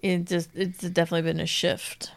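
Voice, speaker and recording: A woman's voice: lowish voice, completely flat delivery, fairly quick, gravelly. A woman co-hosting a podcast in casual chat, wry and opinionated, poking fun at herself. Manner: wry and opinionated, self-mocking. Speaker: podcast co-host.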